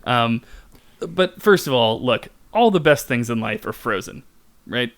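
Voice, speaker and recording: A man's voice: medium pitch, lively intonation, a little slow, fairly bright tone. A man co-hosting a comedy science podcast, explaining facts playfully and giggling at his own jokes. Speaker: podcast co-host.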